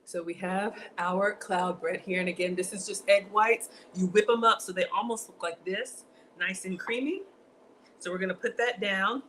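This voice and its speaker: A woman's voice: mid-range voice, moderate pace, a bit bright. Woman home-cook vlogger, casual y'all chatter, noisy kitchen. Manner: chatty, addresses viewers as y'all. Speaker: cooking vlogger. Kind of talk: casual cooking demonstration.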